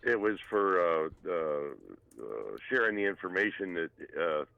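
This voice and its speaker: A man's voice: sits low, very animated, a little slow, gravelly, dry recording. A tired man calling in to a live stream, hesitant and full of filler words, on a dull, muffled call-in line. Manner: hesitant, lots of uh and um. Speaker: caller.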